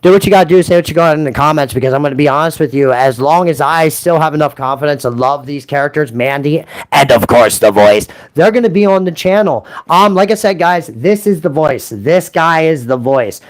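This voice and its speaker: A man with a somewhat high voice talks straight to his camera in an excitable, earnest ramble. He keeps addressing his viewers as "guys" and drops casual swears. He pads his talk with plenty of fillers and restarts. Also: fairly quick, few pauses, rough recording. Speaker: channel creator. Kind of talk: casual vlog chat to viewers.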